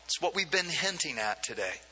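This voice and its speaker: A male pastor delivers a casual, conversational sermon, breaking into asides and repeating words as he thinks. His voice sits high and sounds very bright and sharp. It carries a long reverb, like a large church sanctuary. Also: big pitch swings, fairly quick, breathy edge.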